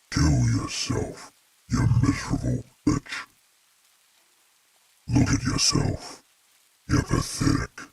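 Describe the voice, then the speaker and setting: A man voicing a harsh, raspy demon who sounds like an ancient chain-smoker, taunting with contempt in a horror story reading. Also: very deep voice, darkish tone, no room sound, distant mic, full character voice.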